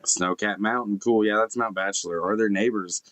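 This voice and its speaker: Laid-back man with a very low voice. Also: steady tone, normal speed, fairly bright tone. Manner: rambling, laid-back, swears often, many fillers and restarts. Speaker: vlogger live-streaming from his van. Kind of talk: casual live-stream chat, reading and answering comments. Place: inside a broken-down van in a forest snow park. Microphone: computer camera setup.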